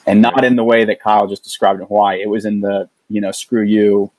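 A man with a somewhat low voice tells a personal story with earnest, halting delivery, often restarting his sentences mid-thought. The sound is dry and close, with no room echo around it. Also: steady tone. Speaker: guest. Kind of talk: casual storytelling.

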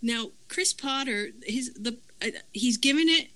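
A woman's voice: a little high, measured pace, bright, forceful tone, rough recording. A woman hosting a podcast, talking in a rambling, chatty way and often correcting herself. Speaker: podcast host. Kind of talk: casual review chat.

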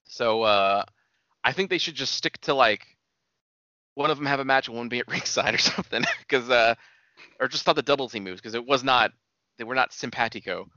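A man hosting a casual wrestling chat, rambling in a relaxed way with lots of fillers. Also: mid-range voice, brisk, no room sound. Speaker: podcast host. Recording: dull lo-fi dry sound.

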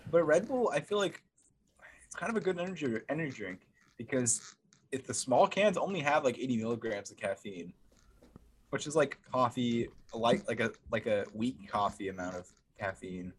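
A man's voice: mid-range voice, animated, moderate pace, a little hiss or hum. A young man co-hosting a podcast in casual chat, rambling and self-mocking, stammering through restarts. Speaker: podcast co-host.

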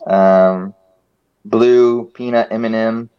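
A man speaks as a guest on a podcast, slow and deliberate with a smooth, clear voice. The sound is dry and close, but dull, with the highs missing. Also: steady tone, no room sound. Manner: slow, deliberate, plain-spoken. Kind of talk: casual chat. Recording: dull, muffled remote line.

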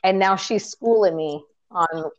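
A woman's voice: medium pitch, unhurried. Chatty woman on a dull lo-fi call. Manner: chatty storyteller, laughs often, many fillers. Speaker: podcast co-host, remote guest. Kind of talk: casual chat. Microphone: remote call.

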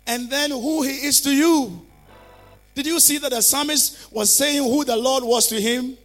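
A man's voice: very high voice, fairly even intonation, unhurried, fairly bright tone, faint music behind. A male pastor preaching a fervent sermon, calling on listeners to repeat declarations after him.

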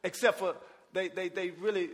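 In a reverberant church sanctuary filled with his congregation, a pastor preaches a sermon in a high-pitched voice with fairly even intonation. He uses call-and-response, calling out to the people and stretching out shouted phrases for emphasis.

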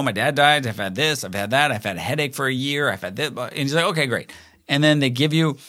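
A middle-aged man spins a loose, rambling anecdote, trips over his words and slips into quick impressions of the people he met. His voice sits at an everyday middle pitch. The sound is close and dry, with no room around it. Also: a bit bright, no room sound. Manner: rambling, filler-heavy, acts out quoted voices. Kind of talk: casual anecdotal storytelling.

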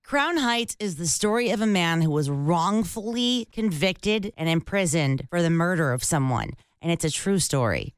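A woman's voice: on the low side, animated, normal speed, hardly any pauses, clean tone. A woman hosting a podcast interview, chatting in a gushing, casual way with lots of "like". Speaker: podcast host.

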